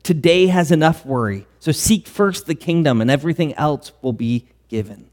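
A man's voice: a little high, lively intonation, moderate pace, a little mellow. A man preaching a sermon as pastor, earnest and full of rhetorical questions. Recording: long hall reverb.

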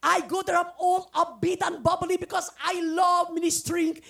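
A woman from the former Soviet Union preaching a testimony sermon, exuberant and earnest, often breaking into shouts and sung phrases. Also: extremely high pitch, flat delivery, normal speed, vocal fry. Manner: earnest, pleading exhortation. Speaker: guest preacher.

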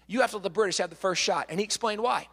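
High-voiced man lecturing in a hall. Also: rapid-fire, creaky, slightly rough. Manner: lively, acts out quotes, repeats words. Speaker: speaker. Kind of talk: animated storytelling lecture. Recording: long hall reverb.

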